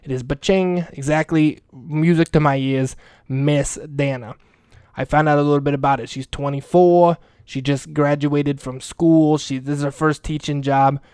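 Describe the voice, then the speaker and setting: A man's voice: mid-range voice, darkish tone, smooth, no echo, studio quality, close to an everyday voice. A man playing a profane lovesick old janitor. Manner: rambling, profane, earnest. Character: crude lovesick older male school janitor. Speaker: comedic character monologue. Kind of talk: comic in-character monologue.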